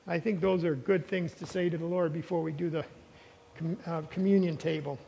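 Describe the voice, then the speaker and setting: A male pastor preaching a sermon, emphatic, repeating phrases and quizzing the congregation. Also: high-pitched. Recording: long reverb of a large hall.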